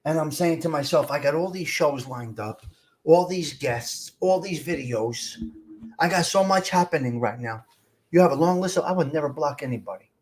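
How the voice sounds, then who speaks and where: A man's voice: on the high side, moderate pace, slight background noise. Profane rambling man on a live stream. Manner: rambling, profane, chats with viewers in the comments. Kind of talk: casual live-stream chat.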